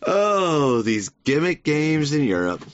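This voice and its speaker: A man's voice: on the high side, very animated, slow pace, no room sound, highs cut off. A man hosting a podcast, talking in a rambling, wry monologue and laughing often. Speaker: podcast host. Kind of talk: casual monologue.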